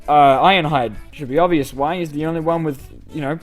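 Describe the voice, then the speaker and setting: A man's voice: a little high, fairly quick, soft background music. A young man hosting a casual fan Q&A, reading questions aloud and answering in a rambling, self-deprecating way. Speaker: YouTube channel host answering fan questions.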